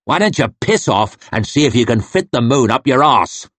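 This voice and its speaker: A man's voice: mid-range voice, very animated, moderate pace, no echo, voice pushed up. A man voicing a tired, battered warrior who speaks bluntly and grimly. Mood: weary scorn. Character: weary, battered male warrior, blunt and grim.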